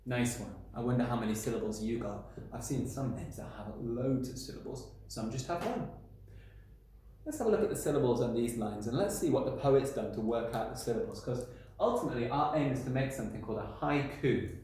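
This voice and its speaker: A male primary school teacher giving a recorded lesson to children at a whiteboard. He talks in an animated, playful way and puts questions to the pupils. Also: mid-range voice, a little fast. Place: classroom by a whiteboard. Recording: echoey room.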